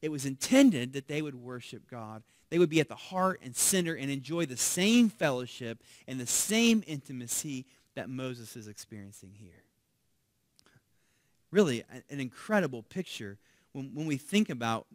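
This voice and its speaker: A man pastor preaching a sermon conversationally, often asking "right?". He grows loud and animated when voicing pleas and drops to a hush on key words. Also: mid-range voice, normal speed, no room sound.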